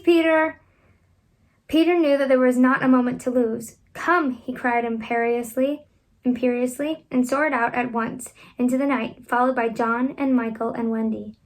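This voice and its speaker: A woman reading a children's classic aloud at home, expressive and animated, lifting her voice for the children's lines. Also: a little high, brisk, hardly any pauses. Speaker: reader.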